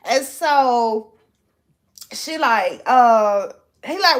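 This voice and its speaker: A young woman in casual chat, recapping a TV episode as an animated, laughing storyteller with lots of slang. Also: sits high, moderate pace. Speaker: podcast host recapping a TV show.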